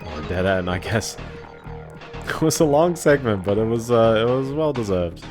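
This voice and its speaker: A man with a somewhat low voice gives relaxed commentary on a video game stream. He rambles and hedges, trailing off into chuckles. Game music plays clearly underneath him. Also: normal speed. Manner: rambling, hedging, chuckles to himself.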